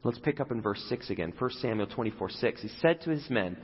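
A male pastor preaches in a lively, up-and-down voice, chatty and full of questions to the crowd. His voice sounds slightly husky, with a long hall echo. The audio is dull and lo-fi. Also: a little high, fairly quick. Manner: conversational, asks the audience questions. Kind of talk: sermon.

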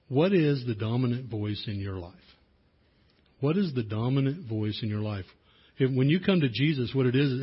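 Husky-voiced man preaching conversationally. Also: medium pitch, lo-fi sound. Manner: conversational preaching with restarts and fillers. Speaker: pastor. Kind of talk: sermon.

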